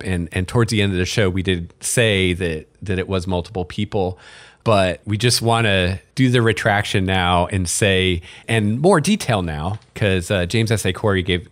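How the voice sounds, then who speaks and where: Low-voiced chatty male podcast host. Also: dry recording. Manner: relaxed, chatty, frequent fillers and light sarcasm. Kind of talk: casual chat.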